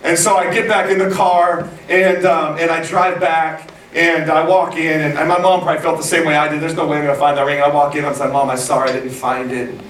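High-voiced preacher in an echoey church. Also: male voice, fairly quick, few pauses, recorded from a distance, a little hiss or hum. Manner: storytelling, lively, acts out quotes, laughs often. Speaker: pastor. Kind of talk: sermon. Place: large church hall with congregation. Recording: echoey hall, recorded from afar, congregation audible.

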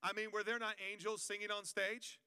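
A man's voice: sits high, flat delivery, a little fast, bright, forceful tone, clean tone. A male pastor preaching a sermon in a conversational, joking way, calling out to the congregation. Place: church auditorium. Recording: long reverb of a church hall.

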